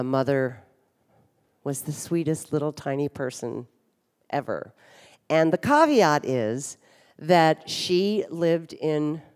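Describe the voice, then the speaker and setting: With a low, slightly mellow voice, a fifty-something woman addresses a recovery conference from a big hotel ballroom stage. Her personal talk is candid, wry and humorous, salted with blunt swearing now and then, and the room sounds reverberant.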